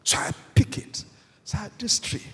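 A man preaching a sermon as a pastor, emphatic, repeating key phrases and asking the congregation questions. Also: moderate pace. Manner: emphatic preaching with repetition and call-and-response questions. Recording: echoey hall, long reverb.

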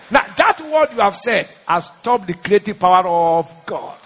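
A man's voice: high voice, animated, brisk, hardly any pauses, a bit bright, slightly rough, big-room sound. A man with a Nigerian accent preaching a sermon, urging the congregation to repeat lines and slipping into pidgin. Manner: exhorting, call-and-response, mixes pidgin.

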